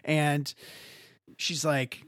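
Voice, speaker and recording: A young male podcast co-host tells a story in casual chat, full of energy, with drawn-out words. He acts out other people's voices with big pitch jumps, and the studio-quality recording has no room sound.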